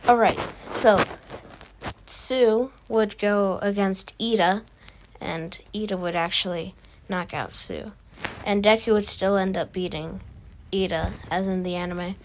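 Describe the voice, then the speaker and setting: A woman's voice: mid-range voice, fairly even intonation, unhurried, slight background noise. A woman casually telling a fan story as a video narrator, rambling with fillers and restarts.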